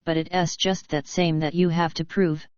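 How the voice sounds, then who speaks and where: A woman reading the lines of a gruff, suspicious male lodge boss with a blunt, hot-tempered manner, in a dull lo-fi recording. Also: deep voice, flat delivery, normal speed, no room sound, close to an everyday voice.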